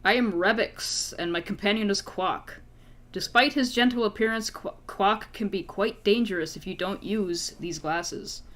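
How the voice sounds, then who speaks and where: A tall ant-like alien thief speaks with polite, measured formality, as a woman reading aloud puts him on. His voice sits at a middling pitch and stays close to an everyday speaking voice. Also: a bit bright, lightly acted.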